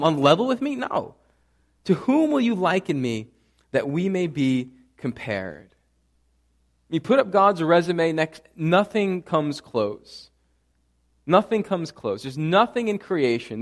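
A pastor preaching a sermon with earnest conviction, repeating phrases and building to emphatic passages. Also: male voice, mid-range voice.

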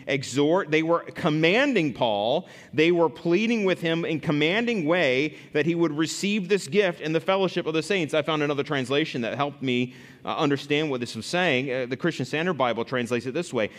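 A man preaching a sermon as pastor, earnest and lively, often restarting phrases as he explains scripture. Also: fairly high pitch, normal speed, hardly any pauses, long reverb tail.

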